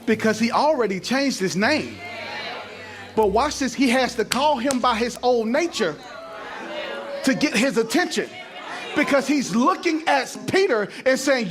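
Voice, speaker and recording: A middle-aged male pastor preaching a sermon to a church congregation, using call-and-response and building up to shouting. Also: very high voice, expressive, measured pace, a crowd in the background, background noise. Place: church sanctuary.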